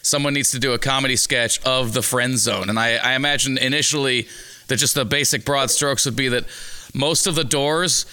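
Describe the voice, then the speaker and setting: A man co-hosting a comedy podcast, talking in a loose, rambling way with lots of ums and restarts. His voice is bright and forward, with a smooth, clean tone. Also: mid-range voice, steady tone, normal speed. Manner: rambling, riffing with fillers and restarts. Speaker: podcast co-host. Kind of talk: casual comedic chat.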